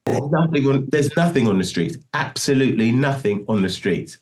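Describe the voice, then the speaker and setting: A man's voice: medium pitch, expressive, normal speed, a little mellow. A middle-aged man telling a long story in a casual interview, rambling and restarting often. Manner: rambling, full of restarts and "do you know what I mean". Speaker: guest musician.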